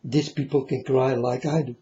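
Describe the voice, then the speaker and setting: A man's voice: medium pitch, fairly even intonation, moderate pace, warm tone, dull audio. Earnest man warning his folks. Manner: repetitive, earnest, addresses listeners as folks. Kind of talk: rambling spoken warning to viewers.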